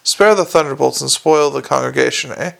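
A man's voice: medium pitch, gravelly, a bit bright. A man voicing a weary, impatient police commander. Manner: brisk, dry and impatient. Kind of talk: audiobook character reading.

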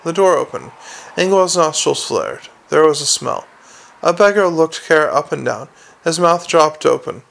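A man reading a comic fantasy novel aloud, in a wry, steady way with small slips. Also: fairly high pitch, measured pace, creaky. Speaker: audiobook narrator.

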